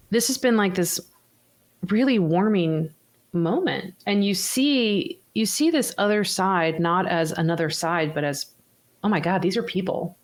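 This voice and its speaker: Woman GM, slightly low voice, rambles through scenes with many fillers. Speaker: game master. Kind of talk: narrating a tabletop game.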